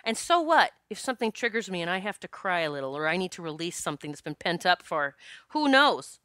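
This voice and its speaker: Female podcast host, candid storyteller, bright crisp voice, dry close sound, curses freely. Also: on the low side, fairly quick, dry recording. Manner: frank and animated, swears and laughs often.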